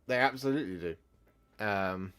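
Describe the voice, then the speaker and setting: Here the same kind of stream sounds smooth and unhurried: a young West Country man from Gloucestershire, England, with a fairly low, slightly bright voice, casually chats and responds to viewers as he paints miniatures. Faint music runs underneath.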